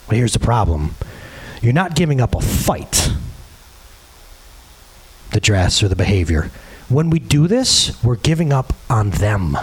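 A man in his thirties giving a sermon as a pastor, earnest and full of rhetorical questions. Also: a little high.

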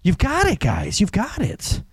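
A male preacher with a high, lively voice that swings all over as he tells stories from the pulpit. He talks in a casual, animated way, acts out the people in his tales and chuckles often. The sound is close and dry. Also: unhurried, slightly rough, no echo. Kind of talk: conversational sermon with personal stories.

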